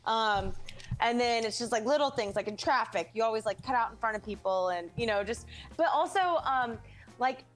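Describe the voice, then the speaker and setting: A woman's voice: a little high, normal speed, faint music behind. A young American woman, a podcast guest, chatting casually and telling stories with lots of fillers. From United States. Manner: chatty storyteller, frequent fillers. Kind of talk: casual chat.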